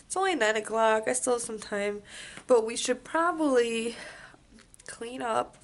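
A young woman vlogging casually to a handheld camera, chatty and excitable, sounding tired. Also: a little high, measured pace. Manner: chatty, excitable, swings between upset and giddy. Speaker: cosplay vlogger. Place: crowded convention restaurant, later a hotel room.

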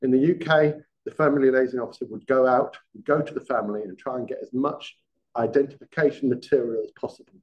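A man's voice: mid-range voice, steady tone, quick pace. Man lecturing, dull lo-fi sound. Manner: conversational, quizzes the audience with questions. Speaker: guest lecturer, former police detective. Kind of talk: masterclass talk to a live audience.

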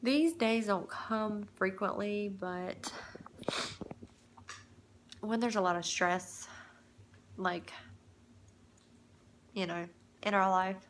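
A woman in her thirties talks softly into her phone camera in a home kitchen, tearful and hushed so she won't wake her sleeping child. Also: medium pitch, drawn-out words, pauses often, a little hiss or hum. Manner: soft, hushed to avoid waking a child. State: tearful, close to crying. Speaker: vlogger, mother. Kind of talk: casual vlog.

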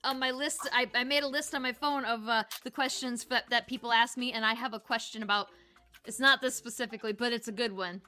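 A woman's voice: a little high, steady tone, fairly quick, sharp tone, soft background music. A woman co-hosting a casual chat, reading out questions in a breezy way and swearing offhandedly. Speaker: co-host reading viewer questions.

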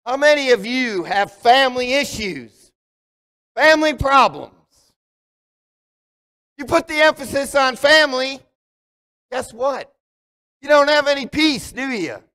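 A male pastor delivers an unhurried, conversational sermon, putting questions to his listeners. His voice sits high for a man. The sound rings out with a long reverb from the church sanctuary. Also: animated, pushed and bright. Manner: conversational preaching, asks the congregation questions.

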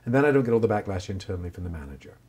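A man's voice: on the low side, big pitch swings, very fast, darkish tone, breathy edge. A man speaking as a therapist in an interview, reflective, often checking in with "right?". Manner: reflective, frequent "right?" tags. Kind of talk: interview answers.

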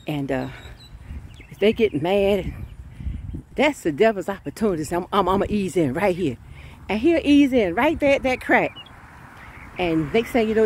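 Woman preacher, fervent informal sermon, swooping lively pitch, laughs and shouts out. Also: moderate pace, a little hiss or hum.

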